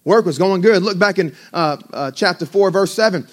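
Man, pastor, high-pitched voice, sermon, builds to slow emphatic lines. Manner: preaching with rising emphasis and slow, drawn-out punchlines; conversational asides with self-deprecating laughs.

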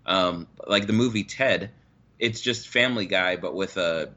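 A man's voice: deep voice, unhurried, muffled recording. A man co-hosting a podcast, talking things through casually with plenty of "you know.". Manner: relaxed, explains with examples and "you know". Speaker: podcast co-host. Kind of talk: casual chat.

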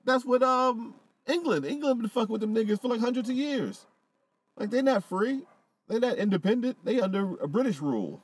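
A man's voice: extremely high pitch, a little fast, breathy edge. A man chatting casually on a podcast, swearing freely and often laughing. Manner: animated, profane, laughs often. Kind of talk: casual chat.

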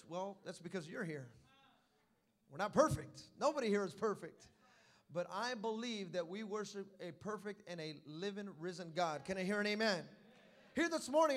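A young man preaching a sermon in a church as pastor, telling stories and calling for amens, building to loud climaxes. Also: sits high.

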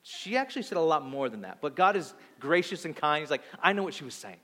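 A man in his thirties preaching a sermon, animated, acting out voices and swinging between loud and soft. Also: a little high, fast talker. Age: 30s. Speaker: pastor. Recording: long hall reverb.

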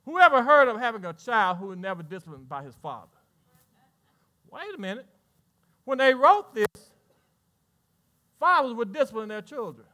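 Male pastor, high voice, bright and forceful, preaching, asks the crowd questions, loud then hushed. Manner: preaching with sudden swings between loud and hushed; talks to the congregation with questions. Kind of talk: sermon.

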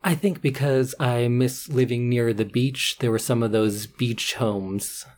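A man's voice: mid-range voice, steady tone, a little slow, darkish tone. A man co-hosting a podcast in casual chat, with a dry, joking manner. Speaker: podcast co-host.

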